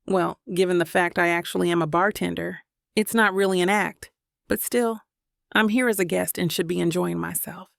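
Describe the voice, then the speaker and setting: A woman narrating a first-person romance audiobook in an even, steady reading voice. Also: on the low side, moderate pace, vocal fry, no room sound, clean studio sound.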